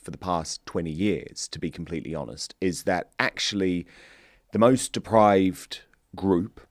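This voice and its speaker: A man's voice: sits low, unhurried, no room sound. A man hosting an interview show, speaking emphatically and opinionatedly into a close mic, often seeking agreement. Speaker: show host.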